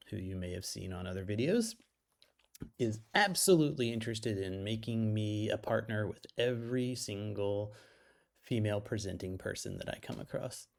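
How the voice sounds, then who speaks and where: A man's voice: fairly low pitch, creaky, a little mellow. A man reading his own humorous article aloud, playful and self-mocking, breaking off for casual side remarks.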